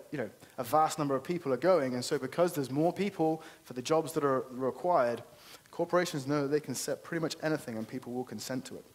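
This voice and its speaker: A man giving an earnest, persuasive conference talk and often checking in with "okay?". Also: on the high side. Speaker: conference speaker. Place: conference venue.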